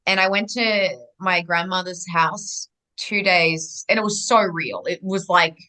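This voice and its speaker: A young woman talks as a guest in a relaxed chat. Her voice is bright and forward, sitting a little on the low side. She tells her story in an animated, rambling way, often stopping and starting again. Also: measured pace, poor audio. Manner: rambling and animated, with many restarts. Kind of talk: casual conversational storytelling.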